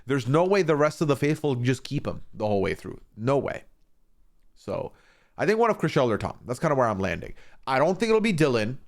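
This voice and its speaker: On a livestream, a man with a mid-range voice talks a little fast while recapping a reality show. He's animated and opinionated, swears freely, and acts out the lines people said.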